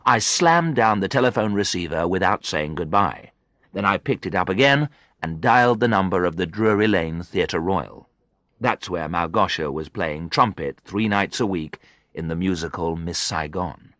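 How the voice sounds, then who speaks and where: A man narrating a graded story in the first person, reading in an expressive storytelling manner. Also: low-pitched, normal speed, no echo. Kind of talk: scripted narration of a graded reader.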